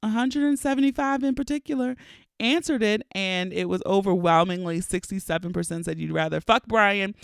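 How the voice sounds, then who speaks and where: A woman in her thirties hosts her podcast in a chatty, playful monologue, laughing often. Her voice is smooth and resonant, and she sounds a little stuffy from allergies. The close-mic recording is dry, with no room sound. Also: medium pitch, a little fast, dry recording. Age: 30s. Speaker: podcast host.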